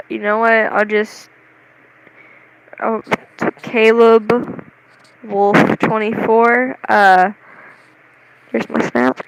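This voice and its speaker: A young vlogger chatting casually to the camera, rambling and excitable, with lots of "like"s and giggles. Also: medium pitch, creaky, slight background noise, low-quality recording. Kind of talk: casual vlog chat.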